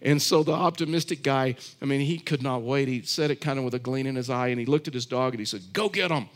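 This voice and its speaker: A man's voice: mid-range voice, steady tone, fast talker. A man preaching a sermon, earnest and repetitive, telling stories with frequent restarts. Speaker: pastor.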